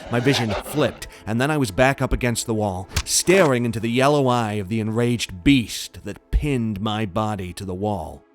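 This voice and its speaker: A man narrating a first-person horror story in a tense, steady way. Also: mid-range voice. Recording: faint music underneath.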